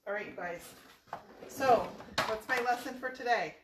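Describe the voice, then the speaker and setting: A chatty woman walks viewers through painting furniture in a relaxed, playful way, repeating each key tip. Her voice sits a little high and rings around an echoey room. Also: normal speed, background noise. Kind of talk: casual painting tutorial. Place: home workspace.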